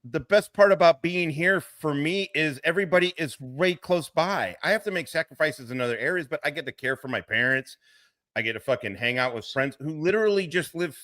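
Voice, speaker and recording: A veteran streamer reacting to a clip in a casual, profane style. His pitch leaps around animatedly above a typical man's and he laughs often. The sound is close and dry. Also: fairly bright tone, dry recording. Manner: profane, laughing, swings between mutters and outbursts. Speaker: streamer host, military veteran.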